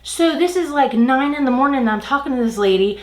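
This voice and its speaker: A little fast and high-pitched, a beauty vlogger's voice bounces around an echoey room. She rants with exasperation through a casual storytime, animatedly recounting a work story as she does her makeup.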